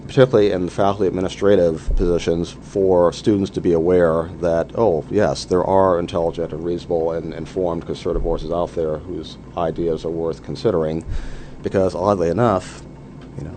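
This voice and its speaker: A man's voice: sits low, level tone, a little fast, mellow, a little hiss or hum. A man speaking as a guest in a radio interview, telling anecdotes with lots of "you know" fillers.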